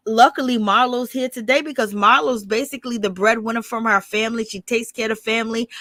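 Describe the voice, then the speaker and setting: A woman's voice: fairly high pitch, bright, forceful tone, no room sound. A woman hosting her channel, giving rambling, blunt and profane live gossip commentary. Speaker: channel host.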